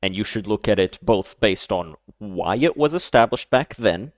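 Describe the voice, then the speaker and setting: Reacting to a video, a man with a lowish voice makes his case with animated emphasis at normal speed, piling up repeated words and restarting sentences as he gets heated. The recording is dry and close, without any room sound.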